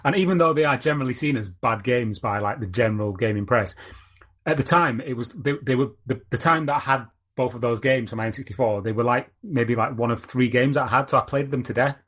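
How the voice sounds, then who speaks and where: A man's voice: medium pitch, brisk, a bit bright. A man hosting a podcast, chatting casually and rambling as he searches for words. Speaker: podcast host.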